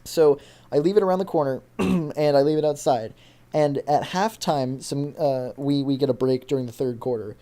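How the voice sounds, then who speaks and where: A young man in his late teens chats on a home podcast through a desktop mic with a pop filter. His tone is soft and mellow at an ordinary pitch. He rambles through stories with lots of fillers and restarts. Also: moderate pace. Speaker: podcast co-host. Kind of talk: casual chat. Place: home desk setup.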